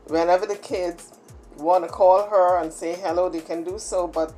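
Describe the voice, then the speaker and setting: A woman's voice: lowish voice, level tone, normal speed, mellow, soft background music. Opinionated woman giving gossip commentary. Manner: opinionated, emphatic. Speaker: commentary channel host.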